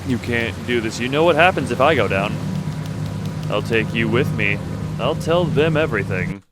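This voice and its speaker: A man's voice: medium pitch, lively intonation, normal speed, background noise, lightly acted. A man reading the lines of a desperate, cornered male killer, pleading and frantic.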